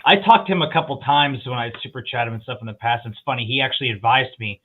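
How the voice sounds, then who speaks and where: A man talking in a casual chat, telling profane, animated stories. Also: mid-range voice, fast. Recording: tinny phone-like line.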